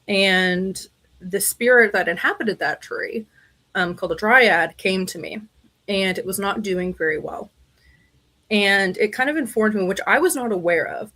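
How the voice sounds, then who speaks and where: A woman co-hosting a talk show, telling a personal story in a casual, expressive way and often laughing. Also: medium pitch. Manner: animated, expressive, laughs often, quotes people. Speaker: podcast co-host.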